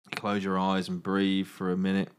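A man's voice: deep voice, completely flat delivery, normal speed, smooth. A man hosting a comedy podcast, reading a choose-your-own-adventure story aloud with dramatic narration broken by jokes.

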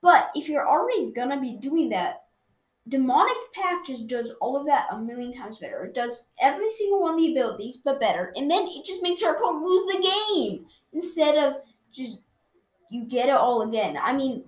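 A woman with a high voice chats about cards, eager and quick to argue for her favorites. She rambles and restarts mid-thought. The sound carries a roomy echo. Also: animated. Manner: enthusiastic, argumentative, rambling with restarts. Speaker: card game reviewer. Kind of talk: casual chat. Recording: roomy echoey room.

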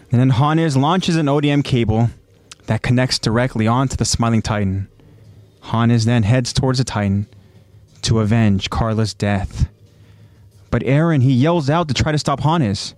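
A man narrating an anime recap casually, in an animated way that keeps jumping ahead. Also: medium pitch, no room sound. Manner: animated, quick to jump ahead, loose fillers.

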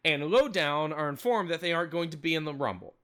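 A man's voice: a little high, lively intonation, quick pace, fairly bright tone. A man hosting a casual podcast, recapping events with loose swearing and laughs. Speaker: podcast host recapping a wrestling show. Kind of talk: casual chat with recap narration.

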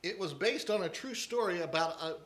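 A man's voice: high-pitched, lively intonation, brisk, fairly bright tone. A man preaching a sermon as pastor, emphatic and fond of repeating key phrases. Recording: echoey room.

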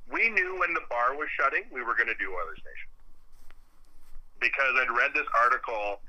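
A man with a strikingly bright, forward voice chats as a podcast guest. He tells animated stories, swears freely and slips into the voices of people he quotes. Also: medium pitch, moderate pace, highs cut off. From Canada. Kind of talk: casual chat.

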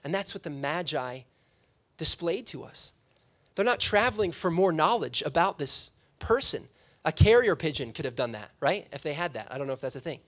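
Young guy pastor talking casual in church, kinda high voice, jokey, keeps asking "right?". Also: very animated, moderate pace, a bit bright. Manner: chatty, self-deprecating, frequent "right?" asides. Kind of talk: casual conversational sermon. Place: church sanctuary.

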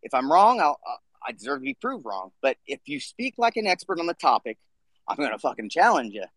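A man's voice: on the high side, sing-song, a little fast, vocal fry, a bit bright, dry recording. A man hosting a casual live audio chat, talking bluntly and swearing freely. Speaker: podcast host.

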